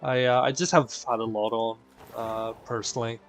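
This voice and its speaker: Faint game music plays behind a man hosting a live stream, chatting playfully with his viewers and calling them "people." His medium-pitched voice is animated and moves at a moderate pace.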